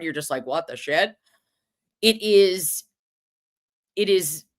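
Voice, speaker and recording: A woman with a lowish voice hosts a casual livestream, recapping an evening out. She talks in an animated, storytelling way, swearing freely as she goes. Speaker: livestream host.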